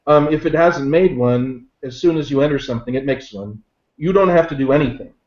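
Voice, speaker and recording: A man giving a screen-share software demo, lively and self-deprecating, with jokey asides as he walks through the steps. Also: medium pitch, a little fast, echoey room, muffled recording. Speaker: guest software expert.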